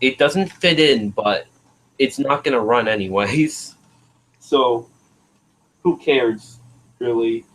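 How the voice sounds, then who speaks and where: A man's voice: mid-range voice, takes it slowly, long pauses, a bit bright, poor audio. A man hosting a casual livestream chat, rambling and trailing off as he searches for words. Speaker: livestream host.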